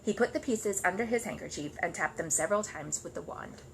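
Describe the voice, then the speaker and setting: A woman reads a children's book aloud in an expressive storytelling voice. Her tone is bright and her pitch moves a lot. A faint background hiss sits under the recording. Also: fairly quick, gravelly. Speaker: storybook reader.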